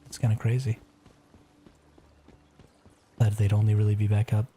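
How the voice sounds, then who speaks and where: Male streamer, relaxed gameplay chatter to his chat, warm low voice, faint background noise. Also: normal speed. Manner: chatty, reads chat aloud. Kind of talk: casual gameplay commentary.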